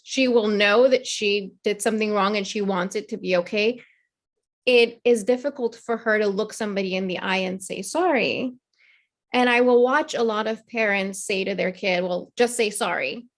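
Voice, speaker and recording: A woman in her thirties, a therapist and mother, talking earnestly and reflectively as a guest in a conversational interview. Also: fairly high pitch. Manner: earnest, reflective, acts out children's voices in quotes.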